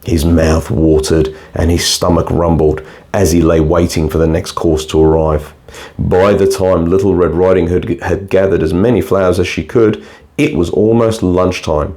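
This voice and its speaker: A man narrating a bedtime fairy tale in a calm, steady storybook reading. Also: sits low, normal speed.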